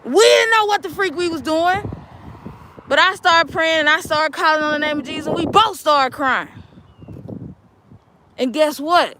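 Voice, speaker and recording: A woman vlogging outdoors on a city street while waiting for a bus, telling a story in an animated, emphatic, colloquial way. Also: high-pitched, a little slow, pauses often, noisy background. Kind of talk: casual storytelling vlog.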